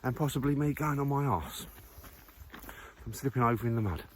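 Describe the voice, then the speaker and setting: A man's voice: mid-range voice, a little fast, slight background noise. A man talking casually while walking outdoors, thinking aloud with lots of fillers and restarts. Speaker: vlogger. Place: outdoors on a muddy countryside walk.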